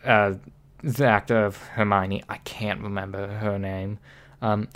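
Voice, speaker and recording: Low-voiced man rambling on a podcast. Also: flat delivery, unhurried, clear, resonant tone. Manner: rambling, swearing, hesitant fillers. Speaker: podcast co-host. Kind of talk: casual chat. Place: home, on a Discord call.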